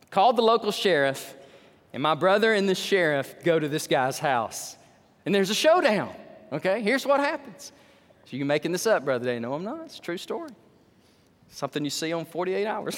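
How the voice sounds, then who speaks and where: A male pastor preaches in a church sanctuary, weaving a story into his sermon. His voice is fairly high and very lively, swinging from loud bursts to quiet asides. A long hall reverb trails every phrase. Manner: animated, swinging between loud and hushed.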